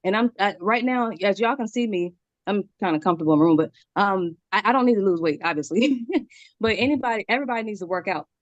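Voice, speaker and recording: Fast-talking excited woman in her forties. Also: mid-range voice, no room sound, dull audio. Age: 40s. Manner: very fast, excited, laughs often. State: slightly out of breath. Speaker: community member sharing a testimonial. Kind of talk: casual call testimony. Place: her room at home. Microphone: video call.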